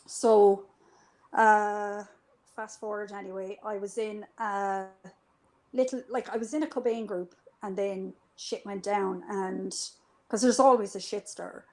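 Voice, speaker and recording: A woman in a live streamed chat, recounting events in an animated, conversational way. She swears freely and slips into the voices of the people she quotes. Her pitch sits in an ordinary middle range. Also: measured pace, rough recording. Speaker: interview guest. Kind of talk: casual storytelling.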